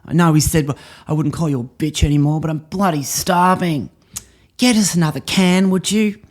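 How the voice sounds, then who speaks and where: A man playing a crude, demanding Australian bloke with a broad Australian accent, in a loud, brash drawl. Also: a little high, moderate pace, pitched above the performer's own voice, natural voice.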